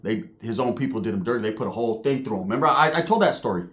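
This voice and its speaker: Animated man telling street stories. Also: fairly low pitch, very fast. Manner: animated, profane street slang, acts out voices. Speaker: storyteller recounting prison life. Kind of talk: casual storytelling monologue.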